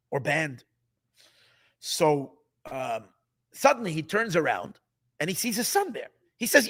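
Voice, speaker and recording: A man, a rabbi, telling a story in a sermon, animated and repetitive, dropping in Yiddish words. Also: sits high.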